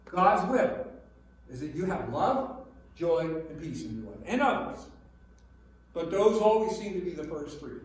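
A man preaching a sermon to a room, going from quiet musing to loud emphasis. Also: fairly high pitch, very animated, unhurried, pauses often, slight background noise. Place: large room with an audience. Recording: echoey hall, mic far off.

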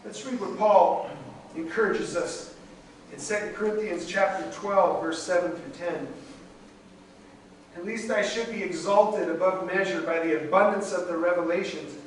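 A man's voice: high-pitched, normal speed, slight background noise. A middle-aged man preaching a sermon as pastor, emotional and swelling in volume as he speaks. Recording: very echoey hall, distant mic.

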